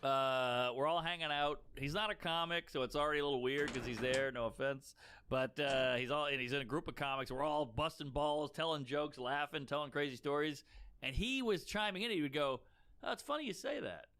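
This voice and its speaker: A man co-hosting a comedy podcast, telling animated stories and mimicking the people in them. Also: fairly high pitch, a little fast, smooth. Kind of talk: casual comedy podcast chat.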